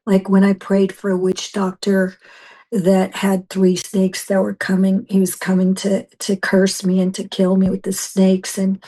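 Older woman, missionary guest, fervent testimony, narrow pitch range. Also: completely flat delivery, measured pace, mellow. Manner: intense, fervent storytelling with restarts. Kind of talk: emotional personal testimony.

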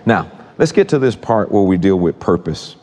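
This sermon comes from a man with a low, slightly mellow voice that moves in a sing-song pattern at normal speed. He chats with the congregation directly and repeats himself often, all under a long hall reverb.

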